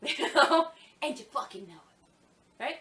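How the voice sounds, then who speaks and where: High, animated woman ranting. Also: unhurried, echoey room. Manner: profane, mocking, heated. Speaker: podcast co-host. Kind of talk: ranting commentary.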